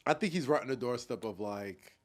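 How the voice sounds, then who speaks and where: A man's voice: mid-range voice, animated, brisk. A man co-hosting a podcast, chatting casually in a jokey, playful way. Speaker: podcast co-host. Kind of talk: casual chat.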